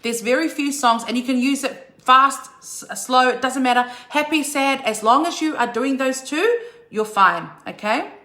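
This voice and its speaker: A woman with a high, bright, forceful voice teaches a live online singing lesson at a moderate pace in an echoey room. She keeps things upbeat and often checks in with her listeners, asking "okay?" and "right?"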